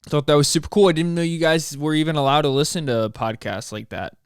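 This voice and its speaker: A man's voice: on the high side, fast, clean tone, no echo, studio quality. A young American man hosting a solo podcast, rambling and mocking himself, stumbling over words as he talks. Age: young adult. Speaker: podcast host.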